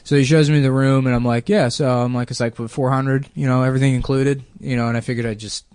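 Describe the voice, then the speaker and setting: A man in his thirties tells a rambling story on a podcast, flat and deadpan, leaning on fillers. His voice sits in a middle pitch and is recorded close and dry, with no room sound. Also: fast talker, smooth, no room sound. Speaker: podcast host telling a story. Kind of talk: casual storytelling chat.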